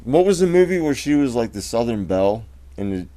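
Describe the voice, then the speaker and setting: A man's voice: mid-range voice, very animated, fairly quick, mellow. A man co-hosting a podcast, chatting casually and teasing with lots of swearing. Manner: joking, profane, teasing. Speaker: podcast co-host. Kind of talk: casual chat.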